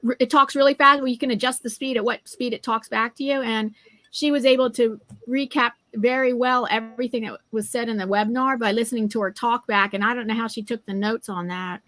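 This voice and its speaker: Woman, host, higher voice, helpful, thinks aloud, dry close sound, video call. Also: steady tone, fairly quick, fairly bright tone, no echo. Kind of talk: casual conversation.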